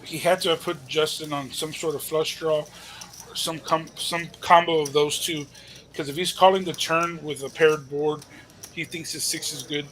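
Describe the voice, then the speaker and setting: A man giving live play-by-play commentary on a poker cash game, relaxed and thinking aloud with pauses. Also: on the high side, a little hiss or hum, rough recording.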